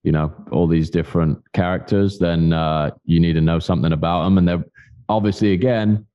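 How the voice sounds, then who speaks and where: A man co-hosting a podcast, laying out a measured, speculative analysis in casual chat. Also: low voice, fairly even intonation, lo-fi sound. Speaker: podcast co-host.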